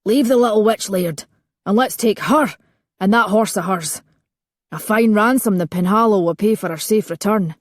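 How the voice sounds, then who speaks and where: A woman voicing a gruff, bullying male cattle thief who barks and hisses his orders. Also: medium pitch, animated, normal speed, hardly any pauses, dry recording, clean studio sound. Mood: commanding. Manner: harsh, barking and hissing.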